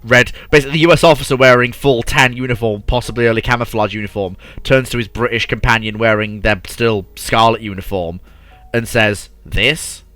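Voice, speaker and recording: A podcast host chats casually about alternate history at a slightly fast clip, his medium-pitched voice steady and fairly bright over faint music. Eager, he restarts sentences, talks over himself and fills his speech with words like "like."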